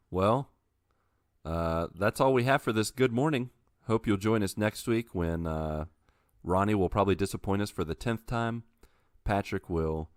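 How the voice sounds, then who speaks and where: Low-voiced man reciting a podcast sign-off. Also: smooth, no echo, studio quality. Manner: rhythmic, blessing-like closing recitation. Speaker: podcast host. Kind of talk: casual podcast chat and scripted sign-off.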